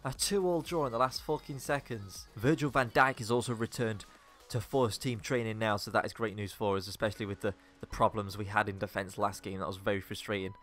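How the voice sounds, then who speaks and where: A young man commentating on his own football video game, swearing and swinging from low muttering to loud outbursts. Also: little pitch movement, brisk, soft background music. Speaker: gaming YouTuber. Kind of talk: live gameplay commentary.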